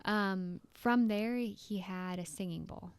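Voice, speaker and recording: A woman energy healer, a podcast guest, telling a personal story in an animated way and tagging lines with "right?". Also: medium pitch, takes it slowly, clean tone, no echo. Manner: animated, acts out quotes, frequent "right?".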